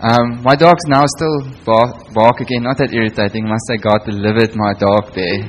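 A man's voice: fairly low pitch, steady tone, moderate pace, slight background noise, poor audio. A middle-aged man, preaching a sermon in a conversational, storytelling way. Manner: storytelling with quoted voices, conversational.

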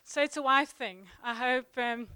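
Chatty woman preaching, bright and crisp. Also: high voice, no room sound. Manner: chatty, halting with many ums and restarts. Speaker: guest preacher. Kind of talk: sermon opening, casual warm address. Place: church.

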